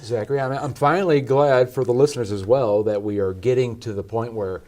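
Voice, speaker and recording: A man's voice: mid-range voice, steady tone, fairly quick, a little mellow. A man hosting an interview, asking follow-up questions and adding friendly remarks. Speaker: interview host. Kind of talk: conversational interview.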